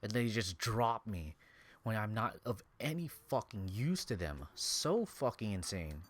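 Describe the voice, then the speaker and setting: A man's voice: fairly low pitch, lively intonation, measured pace. A man live-streaming a game, venting angrily with heavy swearing and sometimes dropping to a tired whisper.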